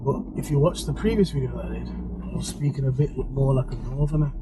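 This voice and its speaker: A male driving instructor with a mixed English accent tinged with Birmingham, giving relaxed, chatty commentary and explaining each step as he drives. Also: medium pitch, fast talker. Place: inside a moving car. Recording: car engine and road noise.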